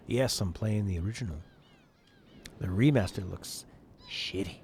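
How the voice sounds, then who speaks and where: A man's voice: deep voice, measured pace, pauses often, a little mellow, slight background noise. A man casually commenting while playing a game, joking and sarcastic, swearing freely. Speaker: let's play gamer.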